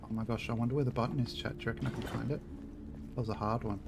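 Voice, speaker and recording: A man's voice: mid-range voice, fairly even intonation, racing, creaky, very noisy. Rambling self-mocking male game streamer. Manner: rambling, self-deprecating, talks to himself. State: scratchy throat. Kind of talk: casual gameplay chat to viewers.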